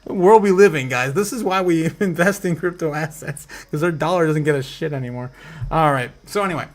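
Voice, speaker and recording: A man with a fairly high voice rambles through a casual crypto livestream. He laughs often and reads out viewer comments as he goes. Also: fairly quick. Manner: rambling, laughs often, talks to chat as "guys".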